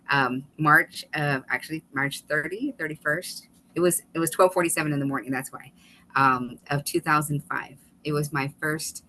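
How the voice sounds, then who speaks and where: A woman guest on a video call webinar, telling an animated story with quick asides and laughter. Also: very deep voice, slight background noise, poor audio. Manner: animated, fast-paced storytelling with laughs and restarts. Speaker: guest, author and former state legislator.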